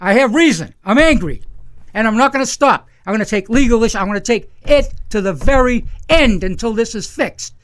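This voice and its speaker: An angry resident, a man, gives a heated public comment at a town meeting. His voice sits unusually high for a man, and he presses his point again and again without letting up. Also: animated, a little fast, fairly bright tone. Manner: heated, insistent, repeats himself.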